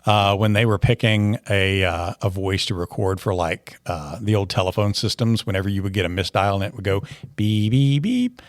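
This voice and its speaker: A man's voice: deep voice, fairly even intonation, brisk, few pauses, no room sound, studio quality. A man from Tennessee with a general American accent, hosting a casual, joking interview chat as a teacher. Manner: chatty, jokey, teasing. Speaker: teacher and podcast host.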